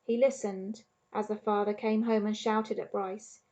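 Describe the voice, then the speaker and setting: A woman teacher with an English accent reading a storybook aloud to her class in an expressive, measured way. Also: mid-range voice. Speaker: primary school teacher.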